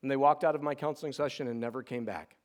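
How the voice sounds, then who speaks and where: A middle-aged man preaching a sermon as pastor, earnest and pleading, often restarting words in quick repeats. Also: mid-range voice.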